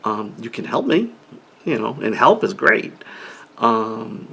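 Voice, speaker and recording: A man's voice: lowish voice, big pitch swings, slow pace, vocal fry, pushed and bright, breathy edge. A middle-aged man talking casually about living with an inner-ear condition, rambling and restarting his sentences often. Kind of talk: casual personal talk to camera.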